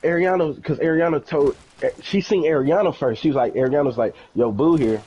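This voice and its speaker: A man's voice: on the high side, brisk, warm tone, slightly rough, muffled recording. A young man on a game stream, casually telling a long, profane story and acting out the quoted dialogue.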